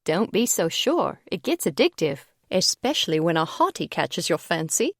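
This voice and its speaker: A woman's voice: lowish voice, very animated, moderate pace, no room sound, clean studio sound. A woman voicing a young, bubbly British floor advisor in an audiobook, chirpy and playful. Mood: teasing. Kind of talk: audiobook character voice.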